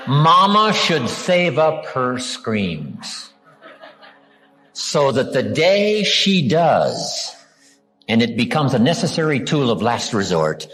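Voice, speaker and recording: An older American man, a motivational speaker, giving a live seminar lecture to an audience, asking rhetorical questions and repeating key words with slow, drawn-out emphasis. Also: mid-range voice, a bit bright. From United States. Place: large hall with a live audience. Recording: live hall recording with long reverb.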